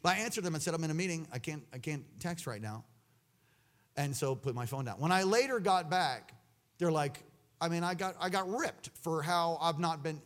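A man preaching a sermon, swinging between loud exclamations and hushed asides. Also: a little high, expressive, normal speed.

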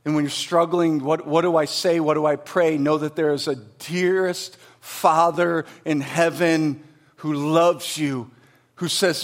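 A middle-aged man delivers a sermon from the pulpit in a high, light voice. He preaches with animated energy, pushing some lines out loud and dropping others to a near hush. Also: unhurried. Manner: animated preaching, swings from loud emphasis to hushed asides. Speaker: pastor.

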